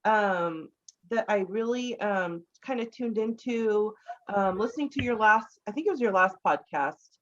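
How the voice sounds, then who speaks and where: A woman's voice: medium pitch, lively intonation, measured pace, fairly bright tone, slight background noise. A woman hosting a casual podcast interview, rambling with many fillers and restarts. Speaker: podcast host. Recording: slightly dull lo-fi audio.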